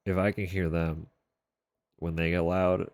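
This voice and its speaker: A man chats on his live stream from a room at home, keeping his very deep voice level and quiet. He talks slowly and loosely and swears in passing. The sound is dry and close, with no room echo. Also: little pitch movement. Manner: keeps voice level and low, swears casually. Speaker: livestreamer. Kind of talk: casual chat on a live stream. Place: room at home sharing a wall with a neighbor's bedroom.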